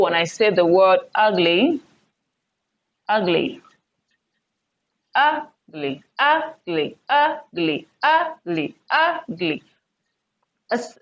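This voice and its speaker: A woman teaching an online lesson. She speaks deliberately and repeats words for emphasis. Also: mid-range voice. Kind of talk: recorded online English lesson. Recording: dull lo-fi recording.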